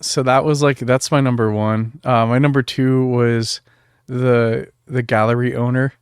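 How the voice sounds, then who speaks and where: Chill podcast dude, lots of likes, mid pitch, dry close sound. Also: male voice, level tone, a little slow, clean tone, no room sound. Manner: laid-back, laughs along, says like a lot. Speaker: podcast co-host. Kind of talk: casual movie chat.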